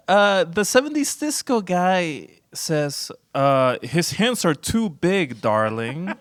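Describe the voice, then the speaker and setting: A man's voice: fairly high pitch, dry recording. A man chatting casually on a podcast, telling stories playfully with slang. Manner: playful, slangy, enthusiastic storytelling. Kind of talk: casual chat.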